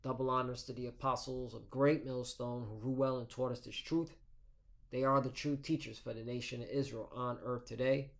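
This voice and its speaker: A man of ordinary pitch reads scripture in a slow, formal cadence. He then shifts into a loose, conversational sermon. He keeps tagging his points with "okay?" and "all right?" as if checking in with his listeners. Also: fairly even intonation, gravelly. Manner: peppers talk with "okay?" and "all right?" tags. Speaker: religious teacher. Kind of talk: scripture reading and informal sermon.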